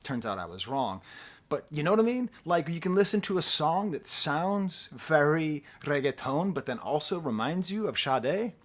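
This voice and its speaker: A middle-aged man giving a casual, rambling album review, animated and quick to laugh at himself. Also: a little high. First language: English. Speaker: music reviewer.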